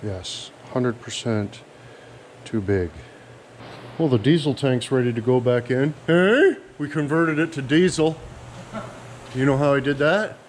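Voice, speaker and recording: A man's voice: mid-range voice, unhurried, pauses often, rough recording. A man vlogging casually about fixing engines, joking and rambling with some swearing. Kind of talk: casual garage chat. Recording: loud outdoor noise.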